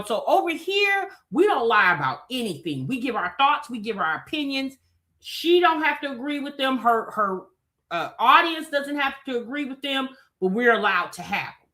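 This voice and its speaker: A woman's voice: fairly high pitch, sharp tone. A woman hosting a commentary show, talking bluntly and casually in slangy chat about online drama.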